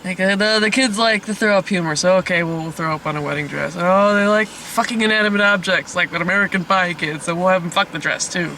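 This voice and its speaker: A man's voice: high voice, fast, few pauses, sharp tone, a little hiss or hum. A man hosting a casual comedic movie review, rambling along and laughing often. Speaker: host of a movie review podcast.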